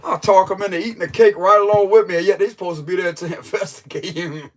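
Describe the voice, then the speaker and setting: A man's voice: sits high, fairly even intonation, fast talker, few pauses, a little hiss or hum. A man who reads tarot, telling a story in a loose, joking way full of slang. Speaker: tarot reader. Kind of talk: casual storytelling chat.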